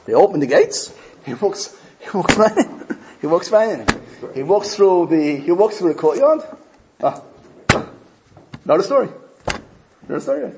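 A man's voice: sits high, moderate pace, noisy background. A man telling a story to a group, repeating phrases as he goes. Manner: animated, repeats phrases, acts out quotes.

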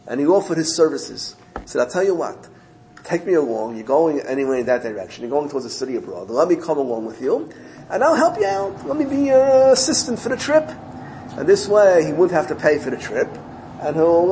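A man, a rabbi, giving a Torah talk and telling a story animated, acted-out quotes. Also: slight background noise, rough recording. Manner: animated storytelling, acting out quotes with rising pitch.

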